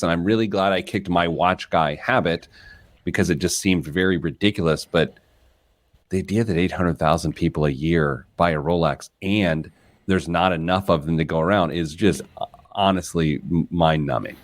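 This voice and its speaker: A man hosting a money talk show, chatting casually and poking fun at himself. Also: normal speed. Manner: self-mocking, chatty, jumps in pitch when excited. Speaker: host.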